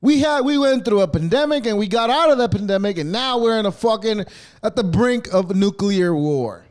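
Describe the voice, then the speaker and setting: A man's voice: high voice, lively intonation, moderate pace. A man hosting a podcast, delivering a rambling, sarcastic rant full of swearing. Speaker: podcast host. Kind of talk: profane ranting monologue.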